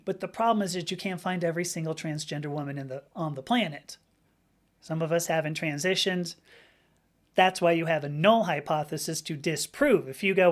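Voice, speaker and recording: A woman talking on her live stream in a loose, rambling way. She restarts her sentences often, gets animated, and slips into quick acted-out voices when she quotes people. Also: fairly low pitch. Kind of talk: live-stream talk reading viewer comments.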